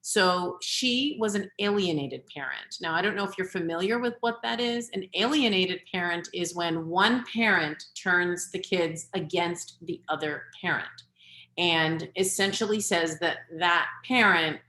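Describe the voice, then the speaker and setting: In an echoey room, a middle-aged woman who coaches parents delivers a webinar over a video call, advising earnestly and giving direct instructions. Her pitch is fairly low, her pace measured, and her voice pushed and bright.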